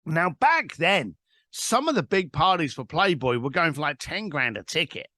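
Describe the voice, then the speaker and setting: A man's voice: fairly high pitch, very animated, moderate pace, sharp tone, no echo. A man, a guest telling an anecdote in an interview. He acts out both sides of a phone call. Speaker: guest, author. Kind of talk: storytelling interview.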